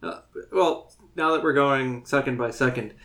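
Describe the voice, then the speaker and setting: A man co-hosting a podcast in casual chat, animated and laughing easily, often restarting his sentences. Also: mid-range voice, moderate pace. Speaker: podcast co-host. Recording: roomy echo.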